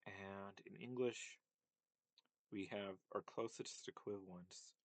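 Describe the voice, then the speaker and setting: Low, flat-voiced man explaining slowly. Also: dry recording. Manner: hesitant, many fillers and self-corrections. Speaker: language teacher. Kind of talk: casual linguistics lesson.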